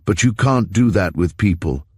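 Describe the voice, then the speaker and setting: A man's voice: deep voice, expressive, moderate pace, a little mellow, breathy edge, no room sound. A man reading a blunt, practical housekeeper. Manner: blunt, no-nonsense.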